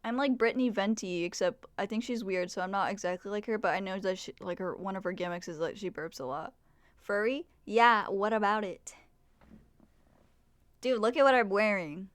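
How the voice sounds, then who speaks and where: A woman's voice: medium pitch, normal speed, dry recording. A young adult woman chatting casually to viewers on a livestream, swearing and trailing off, at a desk microphone. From Mexican heritage. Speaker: streamer.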